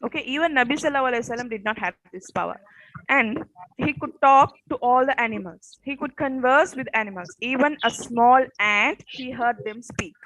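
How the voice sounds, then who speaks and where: A woman teacher with a high voice and a rough morning rasp tells a story to her class. She talks casually, says "okay" often and keeps checking in with questions. The sound is dry and close, with no room around it. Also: fairly quick, a bit bright, no room sound, poor audio. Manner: peppers speech with "okay" and quiz questions.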